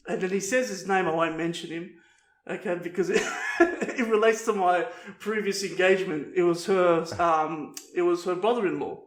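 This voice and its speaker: High-voiced laughing podcast guy. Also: normal speed, reverberant. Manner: laughs often, swears, calls people bro. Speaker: podcast co-host. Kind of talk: casual podcast chat.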